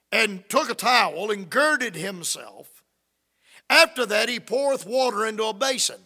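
A man's voice: sits high, gravelly, pushed and bright, big-room sound. A man preaching a fervent sermon, reading scripture and acting out the quoted lines.

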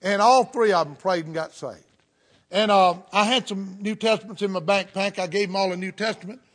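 Preaching with a Southern US accent, this middle-aged man has a high, brisk voice with a slightly bright edge. His sermon mixes folksy storytelling with fervent bursts of praise and amens.

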